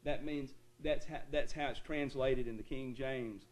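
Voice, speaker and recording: A male preacher at a mid-range pitch delivers a sermon to his church. He stresses the verses he reads and checks in with the congregation. Between readings he slows into a conversational teaching voice. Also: fairly even intonation. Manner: emphatic preaching that turns to a quieter, explanatory lecture tone; asks the congregation for an amen.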